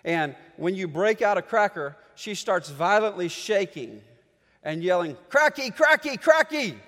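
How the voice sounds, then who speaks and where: A middle-aged pastor with a high, light voice delivers a sermon, swinging from booming declarations to near-whispered pleas. His words ring through a large church hall with a long, lingering reverb. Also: expressive, unhurried. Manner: dramatic, swings between booming and hushed.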